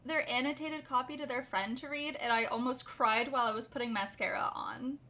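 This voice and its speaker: Bubbly bright-voiced young woman. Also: sits high, a little fast. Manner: bubbly, giggly, rambling. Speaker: debut novelist and streamer. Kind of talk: casual livestream chat.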